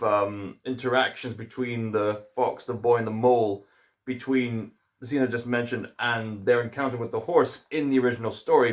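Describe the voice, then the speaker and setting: A man with a Scottish accent giving a casual film review, musing and hesitant, with frequent fillers. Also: mid-range voice.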